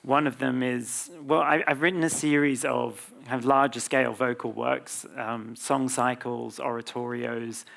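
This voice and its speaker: An Australian man speaks as a composer in a live public conversation, explaining his work in a thoughtful, unhurried way with frequent ums. His voice has a gravelly texture and stays quite even in pitch, without much rise and fall. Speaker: composer, guest.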